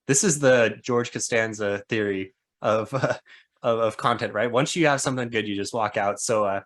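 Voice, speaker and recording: A man's voice: lowish voice, moderate pace, a bit bright. A man co-hosting a book podcast, chatting casually and laughing often at his own ideas. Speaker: podcast co-host.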